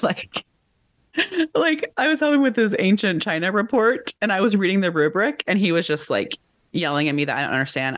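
A woman's voice: on the low side, no echo. Chatty woman book club co-host, dry sound. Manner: chatty, animated, laughs easily. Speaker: podcast co-host. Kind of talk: casual book club chat.

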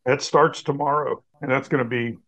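A man hosts a podcast in relaxed casual chat. He speaks at a middle pitch, drops dry joking asides, and laughs easily with his co-host. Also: normal speed, rough recording.

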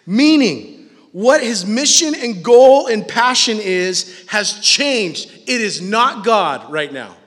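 A man preaching a sermon as pastor, animated and casual, acting out the voices he quotes. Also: high voice, slow. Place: church hall with live audience. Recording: long hall reverb.

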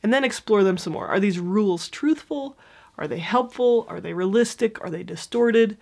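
Calm woman explaining a self-help technique, clear and gently encouraging, sounds scripted. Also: medium pitch, moderate pace.

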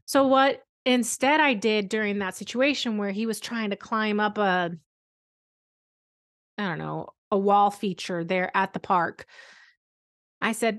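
A woman's voice: medium pitch, unhurried, long pauses. Earnest woman hosting a parenting podcast. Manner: earnest, candid, storytelling with fillers. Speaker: podcast host and therapist. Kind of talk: conversational podcast monologue.

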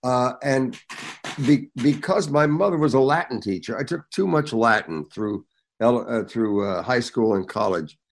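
Older actor telling lively anecdotes. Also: male voice, mid-range voice, moderate pace, a little hiss or hum. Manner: animated storyteller, acts out quotes. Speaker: actor guest. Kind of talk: anecdotal casual chat.

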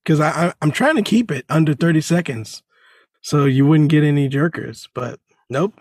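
A man's voice: a little high, moderate pace, darkish tone, no echo, clean studio sound. A man co-hosting a podcast, joking around and laughing often. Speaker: podcast co-host. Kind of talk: casual chat.

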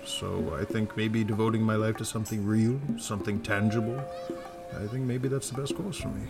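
A man playing a gentle old skeleton grandfather speaks in a wistful, measured tone, his voice sitting a little low. Music plays behind him as he talks. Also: fairly even intonation, gravelly. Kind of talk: tabletop role-play voicing.

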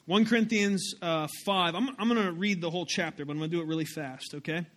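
A man preaching a sermon to his congregation, conversational and animated, with playful asides to the crowd. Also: sits high, fairly quick. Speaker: pastor.

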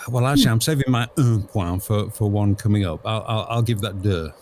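A man hosting a podcast in casual chat, lively and jokey as he leads a scoring game. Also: fairly low pitch, a little fast, a little hiss or hum. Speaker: podcast host.

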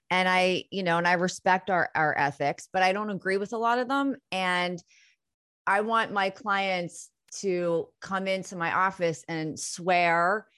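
A woman's voice: on the low side, fairly bright tone, clean tone, dry recording, studio quality. A woman in her forties, a therapist guest in a casual interview, frank and unfiltered. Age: 40s. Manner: frank, unfiltered, swears freely.

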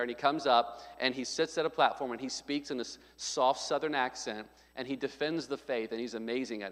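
A male pastor preaching a sermon, emphatic and conversational, with frequent restarts and loud stressed points. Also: a little high, big-room sound.

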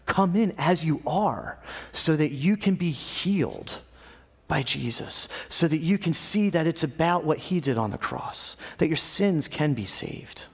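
A man preaching a sermon in a casual, energetic way, acting out little scenes as he goes. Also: fairly high pitch, husky.

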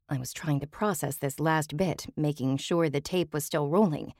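A woman narrating an audiobook in the first person, wry and expressive, on a close studio mic. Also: sits low, moderate pace, few pauses, dry recording.

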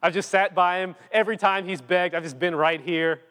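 A man voicing a fawning, fickle man in a crowd who gushes about how he stood by the blind man all along, in a sing-song, flattering way. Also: sits high, fairly quick, pitched above the performer's own voice. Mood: gushing. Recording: long reverb.

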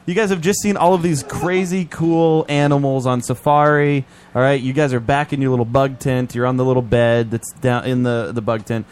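A man's voice: mid-range voice, steady tone, moderate pace, hardly any pauses, darkish tone, a little hiss or hum. A man hosting a casual podcast, coaxing guests and setting up improv scenes. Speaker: host. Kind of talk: casual chat.

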